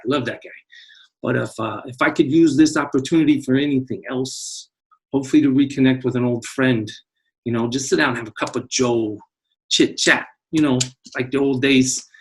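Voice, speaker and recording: Brief: male math teacher, comic wisecracking intro patter, mid-pitched voice. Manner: jokey, playful put-on tough-guy patter. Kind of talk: comedic video lesson intro.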